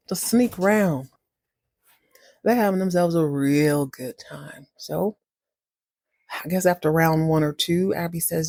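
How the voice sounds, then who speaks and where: A podcast host recaps a soap episode, sounding animated, indignant and chatty. Her fairly low, mellow voice is a little slow and creaky, with long pauses. The recording is close and dry, with no room sound.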